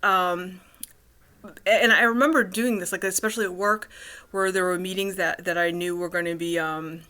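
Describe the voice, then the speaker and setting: A woman in her thirties talking casually to the camera in a personal vlog, halting often with ums, restarts and cut-off words. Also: on the low side, steady tone, sharp tone. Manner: halting, full of restarts and ums, cluttered speech. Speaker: vlogger.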